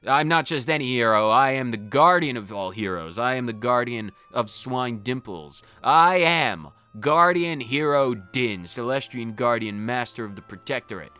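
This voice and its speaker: A man's voice: medium pitch, sharp tone, clean tone. A man hamming up a pompous young hero. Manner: grandiose, self-important, drawn-out proclamations. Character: pompous young male hero boasting about his titles.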